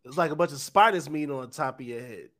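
A man's voice: on the high side, fairly quick, crowd noise. A man co-hosting a sports podcast, chiming in with short remarks and dry jabs. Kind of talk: casual sports banter.

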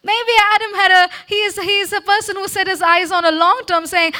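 A woman's voice: very high-pitched, steady tone, normal speed, hardly any pauses, bright, forceful tone. A woman giving a sermon-style talk to a congregation into a handheld mic, exhorting the listeners and checking in with them again and again. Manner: exhorting, with frequent "Okay?" call-and-response. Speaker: speaker at a church meeting. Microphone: handheld microphone.

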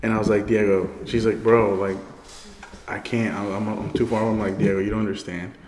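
A man telling a story in casual chat, profane and animated, often breaking into laughter. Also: fairly low pitch, fairly quick. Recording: echoey room, faint noise.

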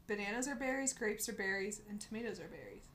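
A young woman co-hosting a casual podcast, animated and quick to react with surprise. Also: medium pitch, echoey room, crowd noise. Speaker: podcast co-host. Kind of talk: casual chat.

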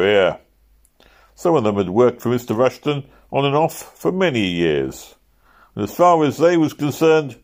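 Male audiobook narrator, mid-pitched voice, steady and even delivery of a classic novel. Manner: steady narration, raising his voice for shouted quotes. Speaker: audiobook reader. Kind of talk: reading a novel aloud.

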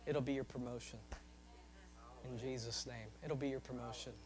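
A man preaching a sermon, swinging from loud, high-pitched emphasis to soft, low asides. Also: fairly even intonation, moderate pace, low-quality recording.

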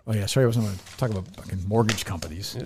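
A man's voice: lowish voice, racing, a crowd in the background. A man hosting a call-in show, talking casually with a teasing, blunt manner and some swearing. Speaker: host. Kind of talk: casual radio call-in chat.

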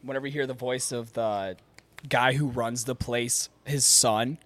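A man's voice: mid-range voice, fairly even intonation, a little slow, fairly bright tone. A man from Michigan's Upper Peninsula with a Yooper accent, co-hosting a casual podcast in a joking, teasing, profane way. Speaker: podcast co-host, voice actor. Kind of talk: casual chat.

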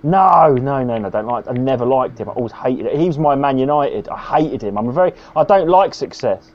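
A man's voice: mid-range voice, animated, fairly quick. A man co-hosting a podcast, rambling, teasing and swearing in casual banter. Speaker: podcast co-host. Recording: dull lo-fi sound.

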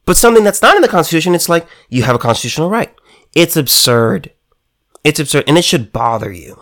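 Heated political rant, sarcastic, stammers and restarts a lot, pitch all over the place. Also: sing-song, fast talker, fairly bright tone. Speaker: political commentator.

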